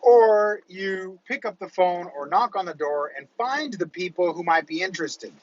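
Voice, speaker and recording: A middle-aged man and real estate coach in a casual motivational monologue, rambling and conversational, often checking in with a quick "right?". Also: high voice, highs cut off.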